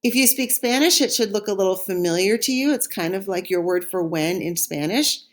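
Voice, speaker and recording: A woman teaching a recorded French lesson, modeling words slowly and clearly for listeners to repeat after her. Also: medium pitch, lively intonation.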